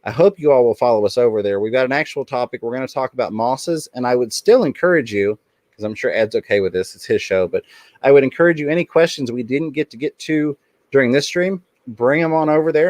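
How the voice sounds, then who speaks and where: A man's voice: medium pitch, quick pace, darkish tone, dry recording. A man hosting a casual livestream in an upbeat way, reading the chat aloud and thanking viewers. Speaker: livestream host.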